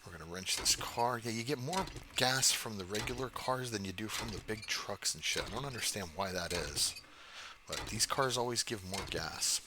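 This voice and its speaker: Deep-voiced, profane gamer in his fifties. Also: moderate pace, noisy background. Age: 50s. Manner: rambling, profane, self-mocking humor. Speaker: gaming channel host. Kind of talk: casual let's-play commentary.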